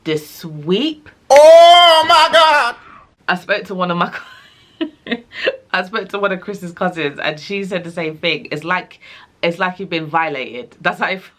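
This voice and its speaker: A woman's voice: fairly low pitch, measured pace. A young woman, casually telling a personal story to her viewers and acting out the people in it. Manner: animated, acts out quoted dialogue. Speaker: vlogger.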